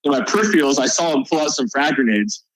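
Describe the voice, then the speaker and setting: A man's voice: fairly high pitch, lively intonation, quick pace, a crowd in the background, poor audio. A male soldier guest on a podcast, telling a combat story in a casual, profane way.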